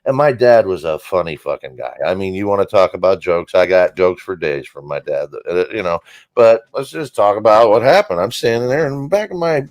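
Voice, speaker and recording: A man with a lowish voice spins a long, rambling joke story, cursing freely and piling on asides. The sound is dry and close, with little room around it. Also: a little fast, no room sound. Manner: rambling, profane, animated storyteller. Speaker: guest comedian. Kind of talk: casual comedic storytelling.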